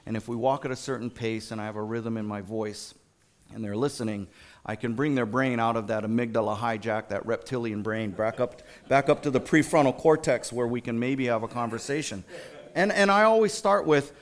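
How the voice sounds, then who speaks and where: A man sharing a story in an informal church talk, animated, with many fillers and restarts. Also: medium pitch, a little fast. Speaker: school district staff sharing a testimony at church.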